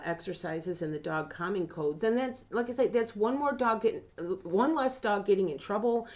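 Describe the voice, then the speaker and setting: Woman vlogger, dog training host, earnest, emotional, slightly dull lo-fi sound. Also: mid-range voice. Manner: earnest and emotional, gets choked up. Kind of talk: emotional direct-to-camera talk.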